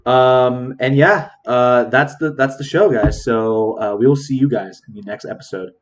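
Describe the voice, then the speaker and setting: A man's voice: medium pitch, fairly even intonation, moderate pace. A young man hosting a casual podcast chat with friends, rambling and laid-back, laughing often. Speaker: podcast host.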